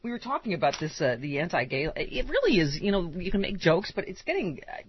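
A man's voice: high-pitched, sing-song, fast, slight background noise. A man co-hosting a talk radio show, chatty, reading news aloud with joking asides. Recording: dull lo-fi broadcast audio.

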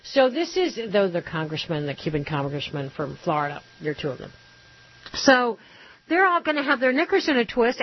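A woman hosting a political talk radio show, sarcastic and rapid-fire with mocking asides. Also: on the high side, dull audio.

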